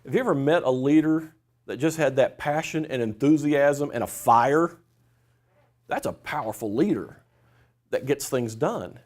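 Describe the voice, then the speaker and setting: A man's voice: mid-range voice, unhurried, darkish tone. A middle-aged man, a professor giving a workshop lecture, talking conversationally with many fillers and restarts and reading quotes aloud.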